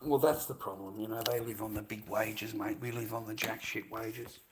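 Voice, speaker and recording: A man's voice: fairly low pitch, steady tone, normal speed, background noise. A man with an Australian accent, rambling on a live stream in a coarse, slangy, combative way, often trailing off into mumbles. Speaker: livestreamer.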